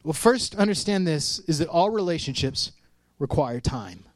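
A man in his thirties gives a chatty sermon in a fairly high voice, telling stories and acting out the voices in them. His delivery is animated, and the sound is close and dry. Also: normal speed, no echo. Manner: storytelling, animated, acts out quotes. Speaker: pastor. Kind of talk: conversational sermon.

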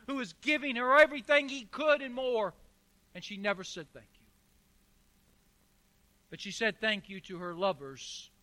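High, sharp-voiced preaching man. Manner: emphatic preaching with rhetorical questions and repetition. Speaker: pastor. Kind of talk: sermon.

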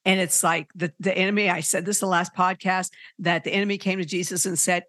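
A podcast host preaching informally and earnestly, with lots of fillers, restarts and animated emphasis. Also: mid-range voice, brisk, few pauses, no room sound, clean studio sound.

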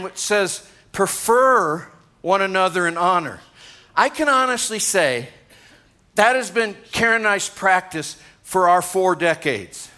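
A man's voice: high-pitched, expressive, a little slow, pushed and bright. A man in his sixties, a pastor, preaching a sermon to a congregation in a conversational way, with asides to the room. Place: church gathering.

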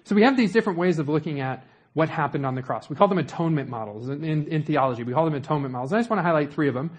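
A man's voice: a little high, very fast. A young man preaching a sermon in a conversational way, with joking asides to the congregation.

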